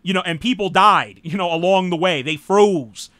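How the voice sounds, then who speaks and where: Bright high-voiced American man, rambling talk. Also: normal speed, no room sound. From United States. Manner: rambling, frequent "you know", blunt and irreverent. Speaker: host. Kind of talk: casual live political talk.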